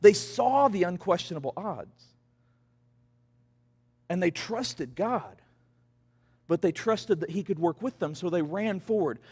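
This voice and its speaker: A man's voice: sits high, expressive, unhurried, pauses often, darkish tone, husky. A man leading a church youth group, casually rambling through a Bible story and acting out the people in it. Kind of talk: youth devotional talk. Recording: long church reverb.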